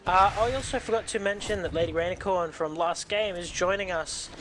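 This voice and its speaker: A man co-commentating an online game, with excited reactions and frequent hesitations. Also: high-pitched, brisk, a little hiss or hum, poor audio. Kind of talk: esports commentary.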